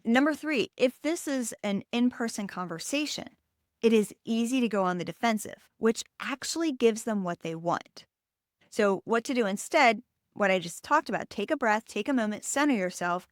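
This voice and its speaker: A woman's voice: fairly high pitch, dry recording, clean studio sound. A woman hosting a podcast, coaching listeners in an emphatic, direct way.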